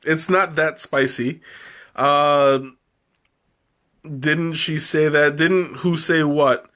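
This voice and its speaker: Give me a slow-talking man chatting casually on a livestream, hesitant and full of fillers. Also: a little high, fairly even intonation, a bit bright. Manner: rambling, hesitant, many fillers and restarts. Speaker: livestream host tasting tea. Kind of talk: casual live chat.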